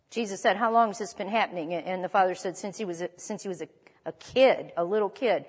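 A woman preaching a sermon, reading scripture aloud with dramatic pauses and then explaining it to the congregation. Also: medium pitch, breathy edge, big-room sound.

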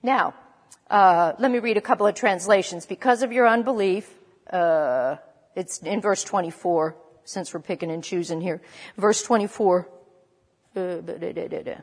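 A woman's voice: lowish voice, normal speed, long reverb tail. A woman preaching a sermon in a conversational way, stopping to correct herself as she goes. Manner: conversational, with restarts and self-corrections.

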